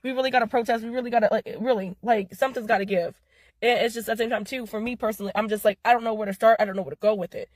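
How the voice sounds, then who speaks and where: A young woman with a hoarse voice, talking casually to her followers in a tired, rambling, exasperated way that keeps circling back. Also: on the high side, steady tone, very fast, no echo. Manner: weary, rambling, repetitive, exasperated. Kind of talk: casual social media vlog.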